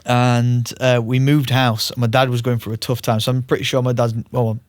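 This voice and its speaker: A man's voice: medium pitch, normal speed, dry recording, clean studio sound. A man hosting a podcast, telling stories in a chatty way and laughing often. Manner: lively storyteller, chatty with frequent laughs. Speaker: podcast host. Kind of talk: casual podcast conversation.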